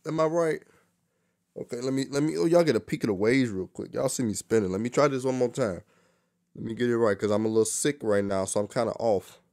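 A man's voice: mid-range voice, quick pace, darkish tone, no room sound, clean studio sound. A young man giving a casual, joking hair tutorial, cursing freely and talking in loose street slang. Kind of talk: casual how-to demonstration.

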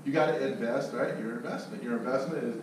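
Swearing freely, a man tells a sales story and coaches others, animatedly acting out the voices of the people involved. His voice sits in the mid range and moves quickly. The room is echoey, the mic distant, and there's faint noise.

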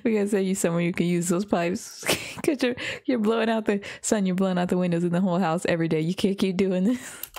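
A woman's voice: mid-range voice, fairly even intonation, warm tone, no room sound, pitched below the performer's own voice, natural voice. A woman playing an exasperated parent. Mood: mock-scolding. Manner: fast, laughing, mock-stern. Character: exasperated parent scolding a loud son.

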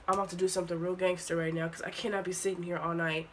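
A woman's voice: on the low side, flat delivery, racing, hardly any pauses, slight background noise. A young woman vlogging casually to camera, sick and sniffly, with exasperated chatter. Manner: exclaims and cries out in pain, then chats. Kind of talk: casual vlog talk to camera.

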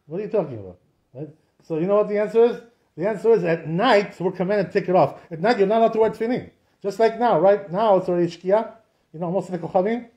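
A man's voice: high-pitched, quick pace, mellow. A man, a rabbi, giving an informal class on Jewish law, chatty and full of rhetorical questions, with Hebrew terms mixed in. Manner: conversational, asks many rhetorical questions; mixes in Hebrew and Aramaic terms.

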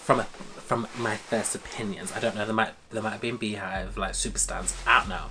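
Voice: medium pitch, steady tone, a little fast, pushed and bright, slight background noise. A young adult telling a casual storytime, acting out quoted dialogue with big, dramatic jumps in voice. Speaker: vlogger.

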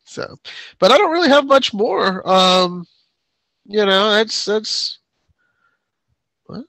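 A man's voice: sits high, lively intonation, slow, gravelly, pushed and bright, dry recording. A man co-hosting a show, chatting casually, rambling and laughing often. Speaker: podcast co-host. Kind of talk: casual chat.

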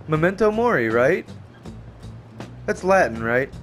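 A man's voice: a little high, sing-song, normal speed, faint music behind. Jokey, swearing young-sounding gamer guy. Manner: joking, swearing, laughing often. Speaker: gamer, video host. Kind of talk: casual game commentary.

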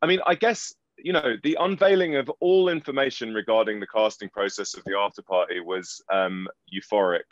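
A man's voice: lowish voice, fairly quick, few pauses, no echo. A man with a London English accent rambles through a panel answer with jokey self-deprecation. The sound is dry and a touch dull. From London, England. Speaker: actor and guest.

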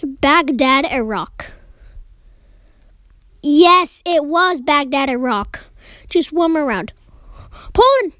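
A young woman giving casual commentary while playing a map-guessing game, excitedly talking to herself as she guesses. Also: high-pitched, slow pace, pauses often, no room sound, studio quality. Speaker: game player.

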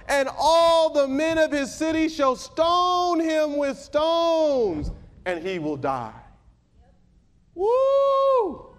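A male pastor delivers a sermon in a strikingly high voice. He moves at an unhurried, measured pace. He reads old-style scripture aloud and keeps asking his congregation questions. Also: fairly bright tone. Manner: preaching with calls to the congregation; reads scripture aloud in King James wording.

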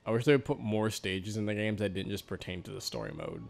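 A man's voice: lowish voice, fairly even intonation, fast talker, gravelly. A man co-hosting a casual gameplay commentary, rambling and swearing. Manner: rambling, swearing, laughs at jokes. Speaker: co-host of a gaming let's play.

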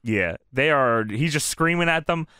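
A man's voice: a little high, lively intonation, unhurried, sharp tone, smooth, no room sound, studio quality. A young man co-hosting a casual wrestling review chat, laughing often, swearing and acting out quotes. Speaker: podcast co-host.

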